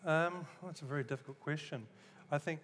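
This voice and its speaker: A man's voice: on the high side, quick pace, fairly bright tone, in a large hall, slight background noise. A man with a New Zealand accent answers thoughtfully and hesitantly on a panel. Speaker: author on a panel. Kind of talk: panel discussion. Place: museum hall.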